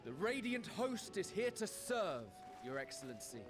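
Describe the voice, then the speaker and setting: An earnest, devoted commander of a city guard, his voice sitting a bit high and fervent, sometimes dropping to a hush. A clear game score plays under him. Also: big pitch swings, measured pace. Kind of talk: game cutscene voice acting. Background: game music.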